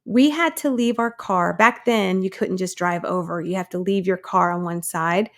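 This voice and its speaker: A woman's voice: fairly low pitch, moderate pace. A woman in her thirties, a guest in an interview, telling her own story earnestly and acting out the people she quotes. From United States.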